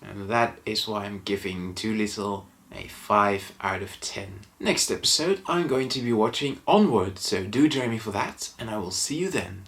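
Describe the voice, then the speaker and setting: A man's voice: lowish voice, expressive, moderate pace, few pauses, fairly bright tone. A man whose first language is not English, giving a casual movie review monologue, hesitant with frequent ums and restarts and a dry, mildly wry delivery.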